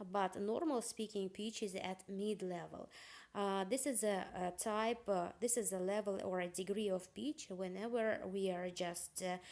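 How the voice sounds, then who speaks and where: A woman giving a university phonetics lecture, pausing often with fillers and restarts. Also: medium pitch, darkish tone. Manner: hesitant, many fillers and restarts.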